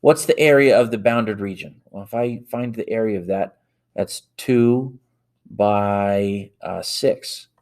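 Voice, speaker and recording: A man with a lowish, darkish voice teaches math at a slow pace. He reasons through each worked example out loud, entering numbers on a calculator and fixing his own errors.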